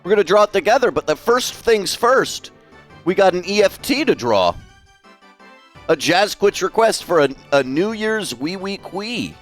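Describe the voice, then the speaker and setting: A man's voice: sits high, very animated, normal speed, soft background music. A man live-streaming while he draws, chatting casually, swearing freely and reading out viewers' messages. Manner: chatty, swears freely, reads chat aloud.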